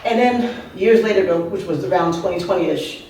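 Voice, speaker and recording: Heard from afar in a very echoey room, a woman in her fifties speaks at normal speed in a lowish, slightly mellow voice, with a bit of hiss or hum present. An author at an art venue open mic, she tells humorous personal tales, chatty and peppered with asides and audience questions.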